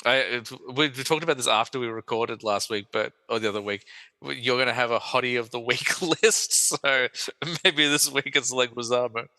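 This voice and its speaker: A man's voice: medium pitch, normal speed, pushed and bright, dry recording, long reverb tail. A man co-hosting a film podcast, chatting casually in a rambling way and laughing often. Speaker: podcast co-host.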